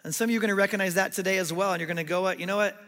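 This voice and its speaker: A male pastor preaching a sermon, telling a story with animated delivery and acting out what people said. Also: high-pitched, rapid-fire, big-room sound.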